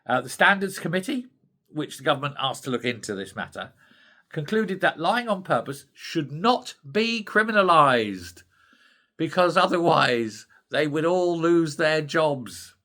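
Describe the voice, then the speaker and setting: An older British man delivers a solo opinion rant with scorn and open indignation. His voice is bright and fairly high for a man, and it rises and falls a great deal as he talks. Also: a little slow. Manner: indignant, scornful, animated ranting. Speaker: commentary channel host.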